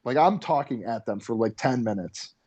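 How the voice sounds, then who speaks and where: A man's voice: medium pitch, expressive, normal speed, dull audio, crowd noise. A young adult male comedian telling a story in casual chat over a video call, in an intense, profane way. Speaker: comedian guest.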